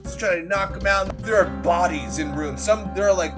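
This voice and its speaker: A man's voice: sits high, normal speed, over music. A man who runs the game, casually recapping a tabletop session in a rambling, profane way full of filler words. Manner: animated, with sudden loud bursts. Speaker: game master.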